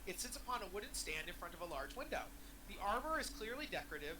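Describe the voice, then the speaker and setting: A woman running a tabletop game as game master, laughing often and describing scenes in a lively way. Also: on the low side, a little fast, background noise.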